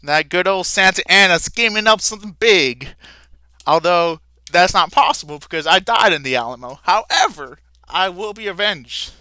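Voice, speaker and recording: A man's voice: sits high, lively intonation, normal speed, bright, forceful tone, dry recording, full character voice. A man voicing a folksy, cheerful frontiersman guest in a math video, hammy and chatty with the listeners.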